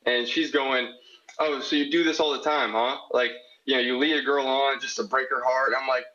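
A young man from South Dakota tells a long personal story in an earnest, rambling way, acting out what each person said. His voice is bright and forward. The sound is dull and lo-fi. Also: medium pitch, fairly even intonation, moderate pace. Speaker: caller asking a question. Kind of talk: candid storytelling.

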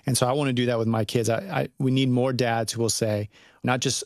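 A man talks in an earnest, preacherly way during a relaxed faith-centred chat. His voice sits in an ordinary middle pitch. The sound is dry and close, with no room echo. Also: brisk. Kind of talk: casual faith discussion.

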